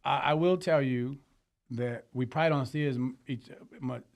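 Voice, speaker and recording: A man's voice: medium pitch, steady tone, moderate pace, vocal fry. A male stand-up comedian in casual conversation, talking in a laid-back, profane, reflective way and calling his friend "bro". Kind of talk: casual podcast chat.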